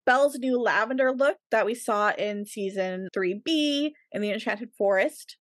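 A woman's voice: mid-range voice, moderate pace, no room sound. A woman co-hosting a casual podcast, enthusiastically listing her favorite costumes with frequent giggles. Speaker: podcast co-host. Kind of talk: casual chat.

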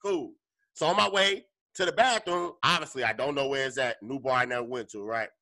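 A man co-hosting a podcast, telling a story in casual, profane chat and acting out his own reactions. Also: a little fast. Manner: animated, profane, acts out his own lines in a higher voice. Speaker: podcast co-host.

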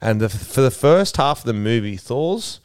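Animated man, smooth clear voice. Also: mid-range voice, moderate pace, dry recording, studio quality. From Australia. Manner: animated, joking, slangy storyteller. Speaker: podcast co-host. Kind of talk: casual chat.

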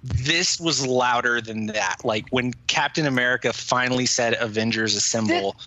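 A man co-hosting a podcast, excitedly retelling movie moments in casual chat full of fillers. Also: mid-range voice, moderate pace, no room sound, rough recording. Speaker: podcast co-host.

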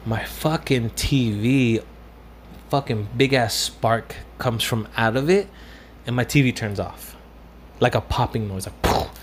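Over slight background noise, a young man with a mid-range voice tells a loose, rambling story, swearing and using lots of fillers, with Spanish phrases slipping in here and there.

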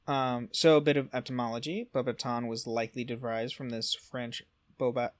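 With a mid-range voice, fairly even intonation, and a moderate pace, a man co-hosts an informal podcast. He reads lore notes aloud, correcting himself frequently, leaning on fillers, and fumbling French terms.

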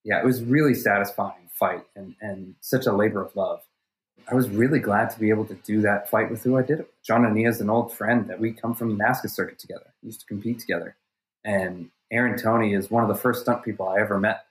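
A stunt performer being interviewed, telling stories casually with energy and frequent restarts. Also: male voice, lowish voice, steady tone, fast. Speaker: stunt performer and fight coordinator guest. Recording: roomy echo.

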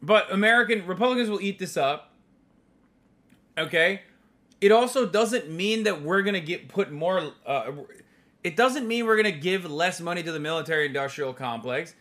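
A man in his thirties hosting a live stream, profane and mocking in loud rants. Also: sits high, expressive, normal speed. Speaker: streamer host.

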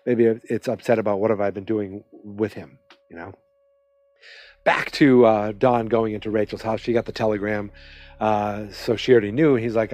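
A man casually recapping a TV episode, rambling and animated, with lots of fillers and restarts. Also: on the low side, normal speed, no room sound, faint music behind.

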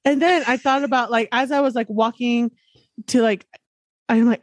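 A woman's voice: a little high, steady tone, moderate pace, no room sound, clean studio sound. A woman co-hosting a casual chat, self-deprecating and emphatic about her small troubles. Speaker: podcast co-host.

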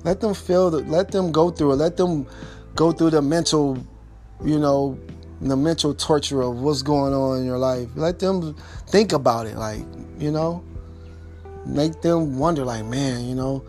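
A man's voice: on the high side, measured pace, darkish tone, soft background music. A man giving casual relationship advice, repeating his points emphatically and speaking informally straight to the listener. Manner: informal speech with double negatives.

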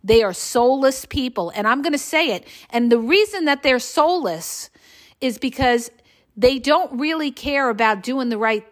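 Speaking in a slightly high, fairly bright voice, a middle-aged woman runs her podcast as a casual monologue. The relationship coach makes her points bluntly and with emphasis, dropping in "okay?" again and again.

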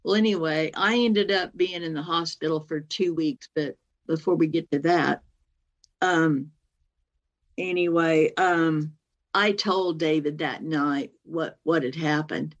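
A woman telling a personal story as a guest, animated, acting out what other people said, with many fillers. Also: low-pitched, measured pace, lo-fi sound. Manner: animated, acts out other people's words in quotes; rambling, with many fillers and "anyway".

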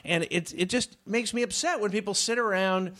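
Man, fairly high voice, animated storyteller, casual chat. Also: moderate pace. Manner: animated, acts out both sides of an argument.

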